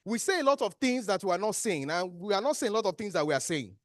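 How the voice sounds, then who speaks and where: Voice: mid-range voice, fast talker, no room sound, studio quality. A trainer with a Nigerian accent, leading an interactive workshop and quizzing the room. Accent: Nigerian English. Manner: animated, asks the room questions and answers them. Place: training hall with an audience.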